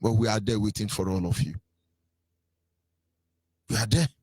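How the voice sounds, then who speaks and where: A man's voice: lowish voice, fairly even intonation, normal speed, darkish tone, husky, dry recording. A Nigerian man with a Nigerian accent giving an impassioned political radio talk, mocking and sing-song, his voice swinging between rises and drops. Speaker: radio commentator.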